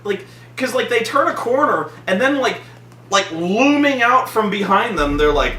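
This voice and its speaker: A man hosting a casual chat about a film, excitable, rambling and profane. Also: high voice, normal speed, roomy sound, recorded from a distance. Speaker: host.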